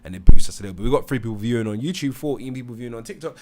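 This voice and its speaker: A man's voice: medium pitch, animated, rapid-fire, warm tone, dry recording. A young British man hosting a casual live stream, reading viewer comments aloud and hyping the chat. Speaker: livestream debate host.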